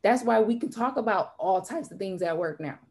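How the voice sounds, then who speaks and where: A woman's voice: medium pitch, animated, brisk, a little mellow, a little hiss or hum. A woman on a panel discussion, making her case passionately in declarative statements.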